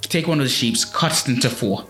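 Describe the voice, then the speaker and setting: A man's voice: medium pitch, animated, quick pace, fairly bright tone. A man casually retelling a folk tale on a podcast, with loose phrasing, plenty of fillers and restarts. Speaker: podcast storyteller. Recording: echoey room with faint music.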